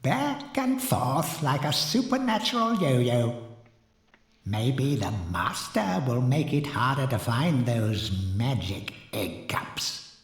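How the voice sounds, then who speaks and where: A man's voice: mid-range voice, big pitch swings, slow pace. An actor playing a wry male character in a video game. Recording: roomy echo.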